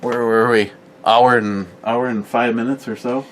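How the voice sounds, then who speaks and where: A man co-hosting a casual beer-review channel from home speaks in a mid-range voice at a measured pace, sitting far from the mic with a little hiss or hum. Amid the banter, he tells animated stories laced with crude jokes.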